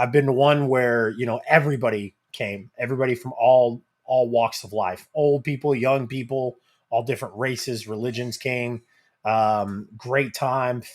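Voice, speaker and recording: A man, a father, co-hosting a podcast in casual chat, talking in halting starts with many fillers. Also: mid-range voice. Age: adult. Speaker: podcast co-host.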